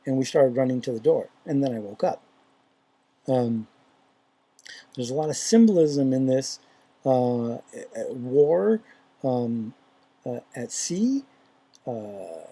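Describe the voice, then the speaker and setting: Very dark, husky-voiced faith vlogger. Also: mid-range voice, lively intonation, takes it slowly, pauses often. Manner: rambling, hesitant, many fillers and restarts. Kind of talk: casual dream retelling.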